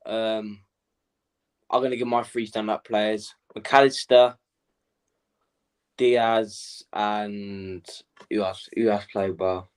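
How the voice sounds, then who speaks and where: A man's voice: lowish voice, flat delivery, slow pace, pauses often, clean tone. A man in a casual football fan chat, thinking aloud, hesitant and trailing off as he picks players.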